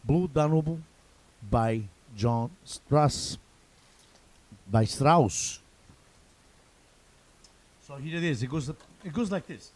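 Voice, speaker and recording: Teaching drum rudiments in a loose, chatty spoken lesson, an Italian-accented man repeats and restarts himself. His voice is a little high with a darkish tone, and he draws out his words and leaves long pauses.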